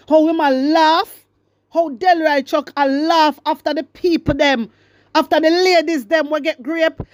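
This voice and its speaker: A Jamaican woman in middle age delivers a fiery political rant as host of her commentary show. Her voice sits high, and the recording is dry and close. She hammers her points with repeated questions and talks straight to her listeners. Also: no room sound. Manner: fiery, repetitive, addresses listeners directly.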